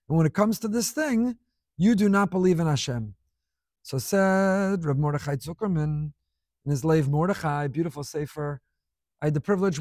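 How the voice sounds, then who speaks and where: A middle-aged man delivers an impassioned sermon, voice rising and falling sharply in loudness. His voice sits somewhat high for a man. The recording is dry and close. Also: no room sound. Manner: impassioned, dramatic swings in volume. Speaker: rabbi.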